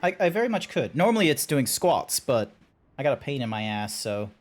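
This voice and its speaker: A man's voice: mid-range voice, very animated, brisk, faint music behind. A man streaming a game, talking in a rambling, chatty way with lots of fillers. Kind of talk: casual live-stream chat.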